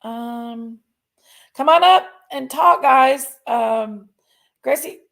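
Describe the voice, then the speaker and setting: Woman, livestream host, gravelly fry, folksy rambling delivery. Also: high voice, extremely slow, fairly bright tone. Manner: rambling, folksy, talks to chat. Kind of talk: casual livestream chat.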